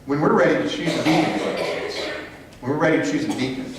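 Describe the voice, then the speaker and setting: A man's voice: on the high side, fast talker. Man teaching a church class, echoey. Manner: asks the class questions, calls on people by name. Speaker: Sunday school teacher. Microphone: room mic from a distance. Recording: echoey room from far off, faint hiss.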